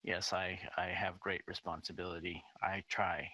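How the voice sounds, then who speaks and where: A man's voice: deep voice, level tone, normal speed, sharp tone, breathy edge, dry recording, full character voice. A man doing a stammering nervous young lord. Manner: hesitant, stammering. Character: nervous young nobleman's son.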